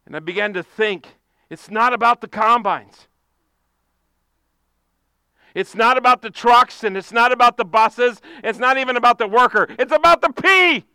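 A man preaching a sermon with passion, using repeated phrases and sudden shouted bursts. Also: very high voice, normal speed, clear, resonant tone, no echo, rough recording. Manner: impassioned preaching, repetitive cadences, bursts of shouting. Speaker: pastor.

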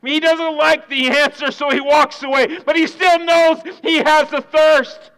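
Male preacher, very high and bright tone, emphatic repetitive sermon delivery. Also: steady tone, a little slow.

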